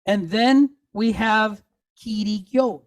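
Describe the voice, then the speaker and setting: Woman teacher, slow and patient, walks a class through sounds and keeps asking questions. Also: mid-range voice. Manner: quizzes the class, tags lines with "right?"; patient, spells sounds out step by step. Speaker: Hebrew teacher. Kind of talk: classroom lesson.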